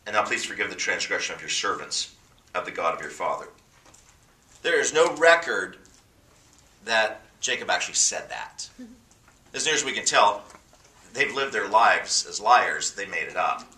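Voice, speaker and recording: A pastor preaching a sermon to a congregation, building to emphatic, rising bursts. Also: male voice, sits low, lively intonation, unhurried, long pauses, sharp tone, reverberant, distant mic.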